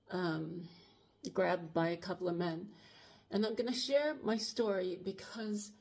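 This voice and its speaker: A woman around sixty speaks straight to her viewers with earnest urgency. Her voice is shaken and emotional, and she halts and restarts her sentences as she goes. Her pitch sits in an ordinary middle range. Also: a little mellow. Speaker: channel host. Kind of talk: personal storytelling to camera.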